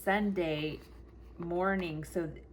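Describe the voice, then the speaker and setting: A lower-voiced middle-aged woman talks in a chatty, animated way, acting out the voices in her own story. She is recorded on a desk camera mic at home, with a faint hum of room noise behind her. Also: takes it slowly. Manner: animated, acts out quotes with laughter. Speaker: planner vlogger. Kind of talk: chatty storytelling while decorating a planner.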